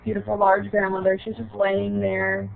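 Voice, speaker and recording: A woman telling a personal childhood story in short, halting phrases with frequent restarts. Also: medium pitch, monotone, gravelly, smooth. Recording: tinny phone-like sound.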